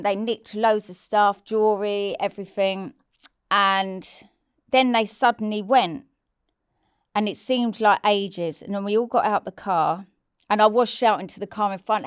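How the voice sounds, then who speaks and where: A woman's voice: mid-range voice, fairly even intonation, unhurried, clear, resonant tone, no room sound, studio quality. A woman, a podcast guest telling a personal story in a blunt, candid way and swearing freely. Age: 40s. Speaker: interview guest.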